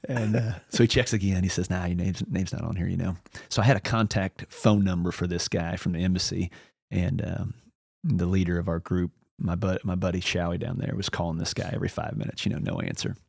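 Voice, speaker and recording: A man's voice: deep voice, little pitch movement, fairly quick, creaky, husky, no echo, studio quality. A man as a podcast guest, telling a long story in a casual, rambling way and acting out the lines of the people in it. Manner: rambling anecdotal, acts out quoted dialogue.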